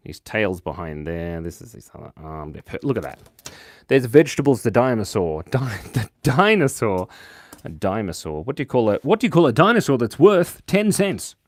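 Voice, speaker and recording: A man's voice: on the low side, dry recording. A man hosting a live drawing stream, chatting playfully, joking and reading viewer comments aloud. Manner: playful, jokey, reads chat comments aloud. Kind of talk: casual live-stream chat while drawing.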